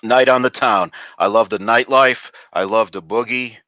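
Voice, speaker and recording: A man's voice: mid-range voice, moderate pace, bright, forceful tone, no room sound. A man doing a reaction commentary vlog, ranting crudely and rambling with fillers and restarts. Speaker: video commentator. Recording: dull lo-fi dry recording.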